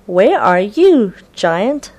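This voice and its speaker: A woman's voice: very animated, very slow, a little mellow, full character voice. A woman doing kids calling out in a storybook. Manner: calling out, slightly raised and higher. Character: group of children calling for a giant.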